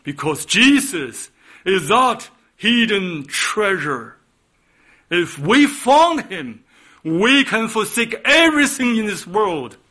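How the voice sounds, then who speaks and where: A man preaching a sermon with passion, swinging from loud emphatic peaks to hushed, quiet lines. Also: fairly high pitch.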